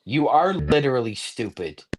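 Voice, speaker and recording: A man's voice: medium pitch, very animated, normal speed. A man on a casual sports podcast, bluntly trading insults and arguing with his co-host.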